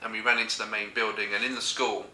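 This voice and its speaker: A man's voice: on the low side, level tone, fast, sharp tone, slight background noise. A man telling a comic story casually, often breaking into giggles. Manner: giggly, keeps breaking into laughter. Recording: echoey room.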